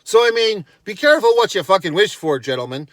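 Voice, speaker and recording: A man in a slightly high register rants into his vlog with blunt sarcasm and constant swearing. His tone is dismissive and mocking. The sound is dry, with no room echo. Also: big pitch swings, quick pace, a bit bright. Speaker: wrestling commentator. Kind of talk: profane ranting vlog.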